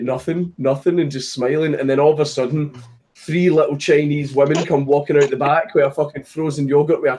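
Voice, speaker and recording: A Scottish man in casual chat with friends, swearing constantly as he tells an animated story. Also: fairly high pitch, heavy background noise. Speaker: streamer telling stories to friends.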